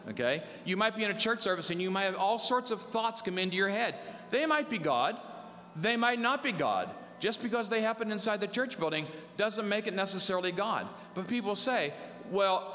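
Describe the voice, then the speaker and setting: A man's voice: sits high, lively intonation, brisk, pushed and bright, in a large hall, slight background noise. A man preaching a conversational sermon, telling stories and mimicking other people's voices for humor. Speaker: pastor.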